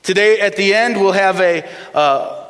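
A man's voice: sits high, measured pace, fairly bright tone. A middle-aged male pastor preaching a sermon to his congregation, emphatic and asking them questions to answer. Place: church auditorium. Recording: long reverb of a church hall.

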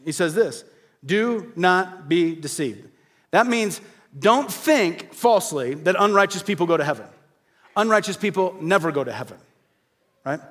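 A male pastor preaching a sermon in an earnest, direct way, asking rhetorical questions and slowing to a quiet stress on key phrases. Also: sits high, lively intonation.

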